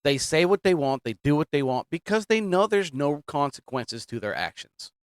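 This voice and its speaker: A man's voice: fairly high pitch, very animated, normal speed, clean tone, dry recording. A man hosting political commentary, talking casually and emphatically, repeating his points and drifting off topic. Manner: repetitive, emphatic, digressing.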